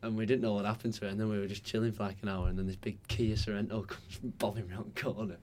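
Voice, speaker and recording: A man's voice: fairly low pitch, little pitch movement, fast, darkish tone. A young man, telling anecdotes and teasing in casual banter. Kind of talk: casual chat.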